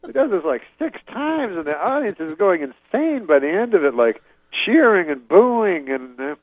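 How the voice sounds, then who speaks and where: A man impersonates a comedian telling a rambling, deadpan story full of fillers and restarts. His voice is high and his speed normal. The audio is dull and lo-fi, with no echo.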